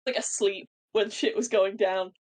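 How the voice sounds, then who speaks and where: A woman co-hosting a podcast, excitable and swearing freely as she reacts. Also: mid-range voice, unhurried. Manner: excitable, swears and laughs a lot. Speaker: podcast co-host. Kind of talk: casual chat.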